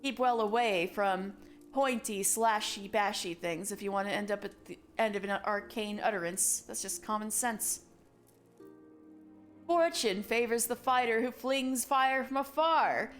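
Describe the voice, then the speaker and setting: A woman's voice: medium pitch, unhurried, a bit bright, faint music behind, pitched below the performer's own voice, lightly acted. A woman voicing a proud elder male mage brother, lofty and theatrical in her delivery.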